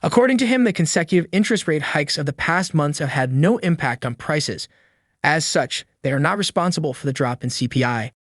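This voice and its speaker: A man reads a scripted finance voice-over in a slightly high voice. His delivery is even and read-aloud. The sound is dry and close, with no room around it. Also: brisk, dry recording. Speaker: narrator.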